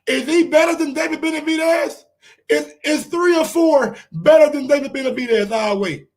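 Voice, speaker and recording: A man's voice: very high voice, moderate pace. A man with a New York accent hosting a casual live-stream sports show, ranting and firing rhetorical questions at his viewers. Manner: animated, ranting, asks the chat rhetorical questions.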